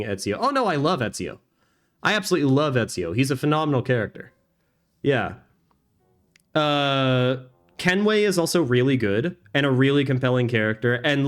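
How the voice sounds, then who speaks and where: A man streaming a video game, chatting casually and enthusiastically, with lots of fillers and restarts. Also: mid-range voice. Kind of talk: casual chat while gaming.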